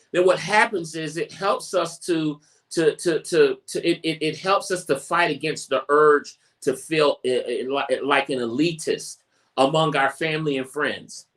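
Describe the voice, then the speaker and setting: A man hosting a podcast, giving casual advice in a conversational way, often repeating phrases and restarting sentences. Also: on the high side. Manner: acts out quoted family chatter in brighter voice. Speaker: podcast host.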